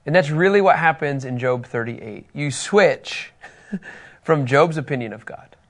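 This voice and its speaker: A man teaching a Bible lesson to a group, reading scripture passages aloud and asking his listeners questions in an animated way. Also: fairly high pitch, unhurried.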